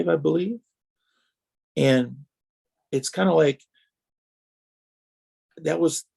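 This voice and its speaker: A man's voice: mid-range voice, vocal fry, darkish tone, slightly rough. A man who raced for years, telling long rambling anecdotes in a podcast interview and acting out other people's lines as he goes. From Wisconsin. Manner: rambling anecdotes with many restarts and quoted dialogue. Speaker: podcast guest, retired racer. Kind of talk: storytelling interview.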